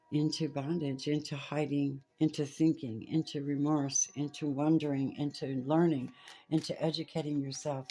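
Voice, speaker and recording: A woman giving a spiritual tarot reading, reading scripture and speaking softly and slowly to her viewers. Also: deep voice. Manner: slow, soft-spoken, addresses viewers as babies. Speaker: tarot reader.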